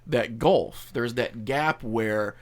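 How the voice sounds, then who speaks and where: A man's voice: medium pitch, slow. Man hosting a paranormal chat show. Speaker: podcast host. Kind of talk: casual chat.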